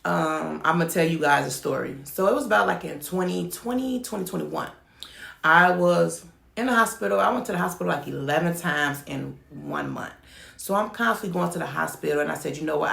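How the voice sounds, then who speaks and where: A woman's voice: low voice, vocal fry, a bit bright, reverberant. A woman who runs a home child care business, talking frankly to the camera and telling her stories with emphasis. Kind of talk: candid talk-to-camera advice.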